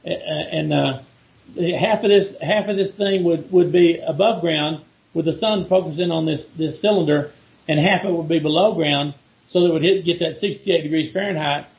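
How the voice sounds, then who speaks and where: A man's voice: on the high side, normal speed, creaky. A middle-aged man from Texas with a Texan accent, rambling in casual chat with many restarts and repeated words as a guest on a call. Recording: phone-like call audio.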